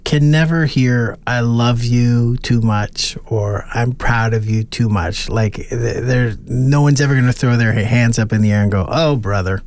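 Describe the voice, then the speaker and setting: A man hosting a radio show, speaking gently and earnestly and reading a blessing. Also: mid-range voice, steady tone, measured pace, hardly any pauses. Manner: gentle, earnest, laughs easily. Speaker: host. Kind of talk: warm radio talk and benediction.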